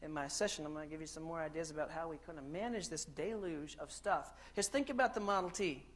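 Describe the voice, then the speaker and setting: A man from the United States giving a conference keynote in a lively, joking storytelling way, asking the crowd questions. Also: on the high side, fast talker. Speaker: keynote speaker. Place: conference hall stage.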